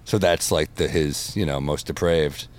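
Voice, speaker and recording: A man, a comedian guest, telling animated stories with a lot of swearing in a casual podcast chat. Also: a bass voice, normal speed.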